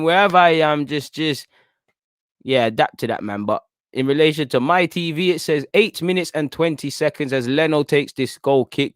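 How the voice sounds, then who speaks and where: Excitable young man commentating a match. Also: on the high side, clear, resonant tone, no room sound, studio quality. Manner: excitable and chatty, pleading with players and the referee. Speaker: host of a football watchalong stream. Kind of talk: live fan match commentary.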